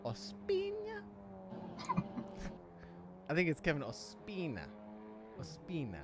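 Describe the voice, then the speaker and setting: Lively high-voiced man chatting. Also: moderate pace, noisy background. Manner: swearing, laughing, animated joking. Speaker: host of a sim racing review. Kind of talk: casual chat, race commentary.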